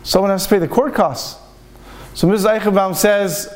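A man with a high voice gives a Torah talk in the manner of a rabbi. He tells a story with lively turns, slipping into the speakers' lines as he goes. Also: normal speed. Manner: lively storyteller acting out dialogue.

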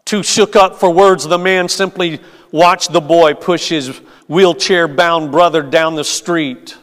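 Slow, measured preacher in a reverberant hall. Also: male voice, on the high side, fairly bright tone, smooth. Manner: slow, measured delivery with hesitant fillers. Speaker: pastor. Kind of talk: sermon with storytelling.

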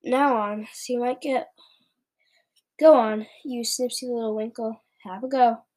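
A woman's voice: fairly high pitch, fairly even intonation, measured pace, a little mellow, natural voice. A kindly old giant, as a woman reads him. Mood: gleeful. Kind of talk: reading a children's book aloud.

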